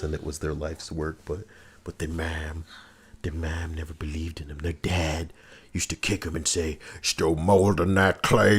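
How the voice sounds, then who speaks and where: A man live-streaming, reacting and chatting casually, swinging between loud outbursts and low mutters. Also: breathy edge.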